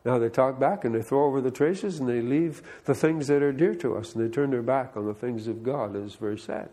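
A man's voice: medium pitch, fairly quick, mellow. An older man, a pastor, giving a conversational sermon that mixes scripture reading with plainspoken remarks and direct questions to the listeners.

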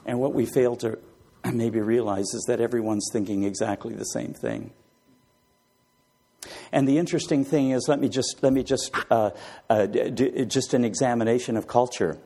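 A man's voice: mid-range voice, moderate pace, husky. A man preaching a sermon, asking his listeners rhetorical questions. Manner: animated, rhetorical questions to the congregation.

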